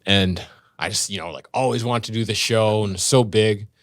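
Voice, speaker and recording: A man's voice: fairly low pitch, normal speed, a bit bright, dry recording. A male stand-up comedian from Canada in his thirties, telling loose, swearing stories in casual podcast talk in a studio. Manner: laid-back, loose, swears freely.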